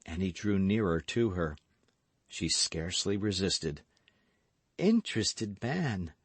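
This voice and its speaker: Male audiobook narrator, low voice, slow pace, measured, dry close sound. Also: steady tone, dry recording. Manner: measured, unhurried. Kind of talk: scripted narration.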